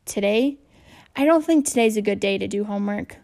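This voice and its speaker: A woman voicing a brash, stubborn young schoolboy who talks loud and pushy. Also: mid-range voice, a little fast, creaky, natural voice. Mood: grudging.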